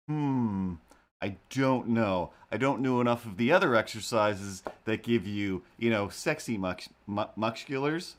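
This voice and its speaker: A man hosts a live stream in a low-ish voice, rambling from one joke to the next as he talks to his chat. He speaks into a desk mic at his computer, keeping it casual and unscripted. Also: lively intonation, measured pace.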